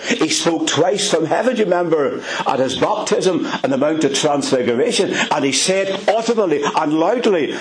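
An older man preaching a sermon, telling stories and stressing words with big rises and low drops. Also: expressive, normal speed, few pauses, poor audio.

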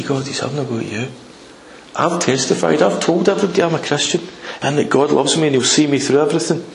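Gravelly preacher in an echoey hall. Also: male voice, on the high side. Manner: impassioned, acts out prayers in an urgent raised voice. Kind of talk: sermon. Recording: echoey church hall with faint noise.

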